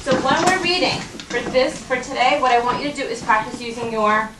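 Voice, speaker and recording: Woman teacher, high bright voice, patient and coaxing, heard from across a roomy classroom, noisy recording. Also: fairly quick, recorded from a distance. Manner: patient, coaxing, checks in with frequent "okay?". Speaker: first-grade teacher. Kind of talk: classroom reading lesson. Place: elementary school classroom.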